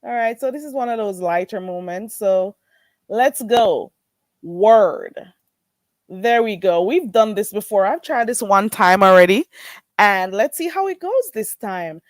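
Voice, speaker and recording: A woman hosting a casual livestream, greeting viewers in a playful, animated way and laughing often. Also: mid-range voice, unhurried, dry recording. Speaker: livestream host.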